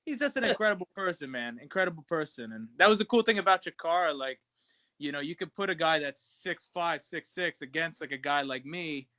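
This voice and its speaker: A man's voice: on the high side, expressive, fairly quick, pushed and bright, no room sound. A man who wrestles, chatting casually in an interview, swearing freely and calling people man and bro, over a video call. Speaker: pro wrestler guest. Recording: dull lo-fi sound.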